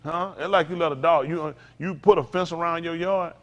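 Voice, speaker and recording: A man's voice: on the high side, steady tone, moderate pace, a bit bright. A man preaching a conversational sermon to his congregation, with frequent asides to the room. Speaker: pastor. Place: synagogue sanctuary. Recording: long hall reverb.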